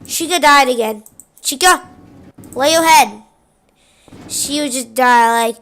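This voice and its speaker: High bright woman voice, slow rambling retelling, lots of he was like. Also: noisy background. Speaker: narrator. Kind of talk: casual unscripted retelling of a game video.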